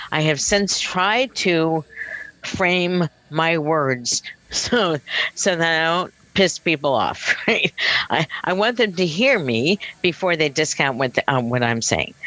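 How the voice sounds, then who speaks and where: A woman's voice: lowish voice, fairly bright tone, rough recording. A woman guest author on a casual podcast call, telling workplace stories in a blunt, direct way. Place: virtual coffee shop call.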